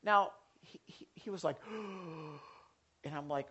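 A man preaching a casual sermon to a congregation, animated and jokey, swinging between loud and quiet. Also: fairly high pitch, takes it slowly, breathy edge, lo-fi sound.

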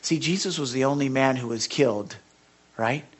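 Excitable preacher swinging loud and hushed. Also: medium pitch, normal speed, breathy edge. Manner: animated, swinging between loud exhortation and hushed soft lines; excitable, with restarts and self-corrections. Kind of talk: sermon.

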